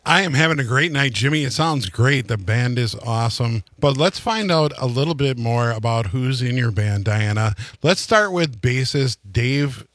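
A man's voice: medium pitch, lively intonation, normal speed, hardly any pauses, a bit bright, dry recording. A male radio co-host asking band members friendly questions in a casual interview. The sound is dry and close, with no room in it.

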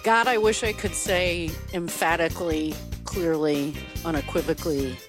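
A woman's voice: deep voice, steady tone, moderate pace, music in the background. A woman from Wisconsin answering listener questions as a political commentator, in an emphatic, detailed, earnest way. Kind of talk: explanatory talk.

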